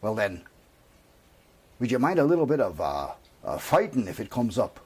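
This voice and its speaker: A man voicing a huge, jolly Scotsman with a put-on Scottish accent, loud and blunt. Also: medium pitch, very animated, normal speed, slightly rough. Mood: sly. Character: huge hearty Scotsman in full kilt, man.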